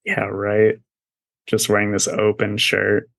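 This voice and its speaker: A man's voice: on the low side, monotone, takes it slowly, gravelly, a bit bright, no echo. A man co-hosting a podcast, talking casually about comics in a laid-back way, swearing and laughing often. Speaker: podcast co-host. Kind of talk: casual comic review chat.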